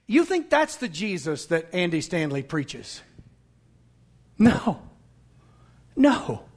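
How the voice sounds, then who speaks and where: High-voiced pastor preaching hard. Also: male voice, very animated, takes it slowly. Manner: emphatic, scornful, bursts into shouts. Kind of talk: sermon.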